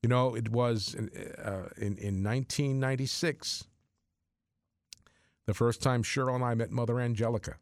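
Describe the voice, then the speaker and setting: Gravelly, excitable male radio host. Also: medium pitch, moderate pace, dry recording, studio quality. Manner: earnest and excitable, with many restarts. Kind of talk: on-air fundraising appeal.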